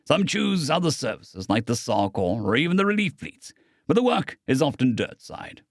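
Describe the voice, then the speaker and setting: A man narrating an audiobook, voicing a sturdy, patient older father who explains things calmly. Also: medium pitch, normal speed, no echo, clean studio sound.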